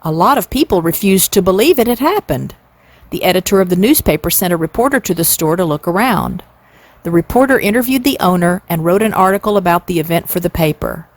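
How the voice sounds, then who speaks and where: A woman in her sixties reading a classic children's novel aloud, expressive and playing up the sound words. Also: fairly low pitch, brisk, no echo. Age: 60s. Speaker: storyteller.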